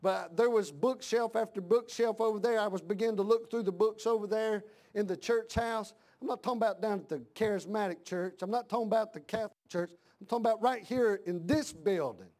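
A middle-aged male pastor preaching a fiery sermon in a church, repeating his lines and rising to shouted emphasis. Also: sits high, brisk, few pauses.

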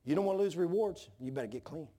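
A man's voice: on the high side, quick pace. A man preaching a sermon, telling folksy stories and acting out the voices in them. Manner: folksy, animated storytelling, acts out voices in anecdotes. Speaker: pastor. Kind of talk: sermon with storytelling.

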